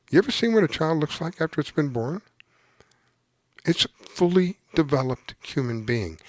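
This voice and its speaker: Impassioned man with lively swinging pitch. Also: dry recording. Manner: earnest, preachy, emotionally worked up. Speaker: show host. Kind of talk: impassioned political commentary. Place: home desk with dog underneath.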